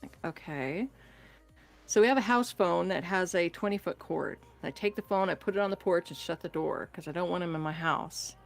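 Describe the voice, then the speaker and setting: A woman casually telling a true scary story on a podcast, animated and acting out the voices in it. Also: on the low side, fairly quick, vocal fry, hardly any pauses, soft background music. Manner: animated, acts out voices in her stories, laughs often. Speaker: guest storyteller.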